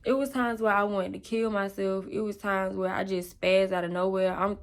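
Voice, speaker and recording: A woman's voice: medium pitch, fairly even intonation, moderate pace. Young woman, raw emotional storytime to the camera, mid voice. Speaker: vlogger. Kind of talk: personal testimony storytelling.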